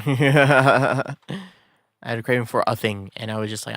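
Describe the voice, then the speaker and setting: A man's voice: mid-range voice, unhurried, a bit bright, dry recording, studio quality. A man chatting casually while streaming a game, laid-back and rambling, laughing often between thoughts. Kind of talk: casual gaming stream chat.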